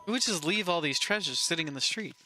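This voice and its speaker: A man's voice: on the high side, animated, fast, bright, forceful tone. A man streaming a video game, making casual, joking asides as he plays. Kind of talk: casual gaming commentary. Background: game music.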